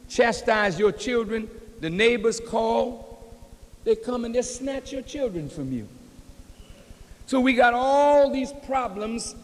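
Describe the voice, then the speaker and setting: A man in his fifties preaching a sermon to a congregation in a large mosque, emphatic and speaking to them directly. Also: very high-pitched. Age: 50s. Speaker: minister. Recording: long reverb of a large hall.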